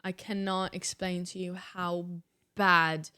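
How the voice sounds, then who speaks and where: A woman's voice: lowish voice, level tone, takes it slowly, bright, forceful tone, clear, resonant tone. A woman doing a playful, exaggerated fake British accent during a casual chat. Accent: put-on British. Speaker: podcast co-host.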